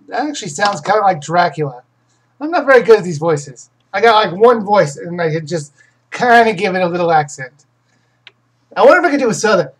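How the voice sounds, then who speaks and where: Husky voice, casual live chat, game reviewer, rambling, restarts, opinionated, middle pitch. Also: lively intonation, fast, poor audio. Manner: rambling, self-correcting, many restarts; opinionated about games.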